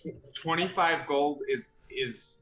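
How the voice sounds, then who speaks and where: A man's voice: on the high side, slow pace, pushed and bright, slight background noise. A man playing a tabletop game, chatty and haggling with the game master. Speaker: player.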